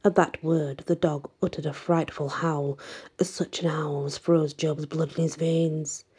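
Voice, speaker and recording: A woman narrating an old legend in a deep, unhurried voice that keeps dropping to a hushed whisper. Her tone is mellow and husky, building a dark, spooky mood. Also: flat delivery. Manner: dramatic, often sinking to a breathy whisper. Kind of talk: reading a folk legend aloud.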